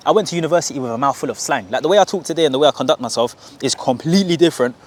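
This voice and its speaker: Young London man, podcast guest, lively storyteller, quick delivery. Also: on the high side. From England. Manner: animated storyteller, acts out quoted voices. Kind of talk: casual interview chat.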